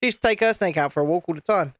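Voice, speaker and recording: A man's voice: high-pitched, racing, a bit bright, no room sound, studio quality. A man chatting casually and rambling on a live stream while building Lego. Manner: chatty, rambling, self-interrupting.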